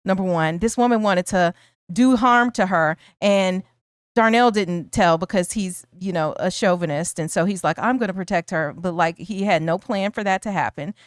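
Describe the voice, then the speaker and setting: A woman's voice: on the low side, moderate pace, dry recording, clean studio sound. A woman co-hosting a casual film discussion, thoughtful and laughing easily, often restarting her sentences. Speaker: podcast co-host.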